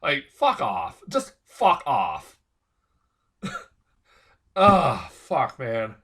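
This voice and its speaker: A man's voice: medium pitch, wildly swooping pitch, drawn-out words, sharp tone, breathy edge. A man giving a casual film review, ranting in an angry, profane, exasperated way. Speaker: movie reviewer.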